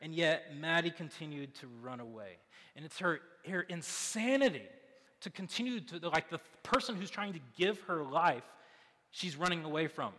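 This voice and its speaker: A man in his thirties preaching a sermon in a loose, conversational way, full of fillers and quick asides. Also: a little high, expressive, bright, forceful tone. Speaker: pastor. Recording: long hall reverb.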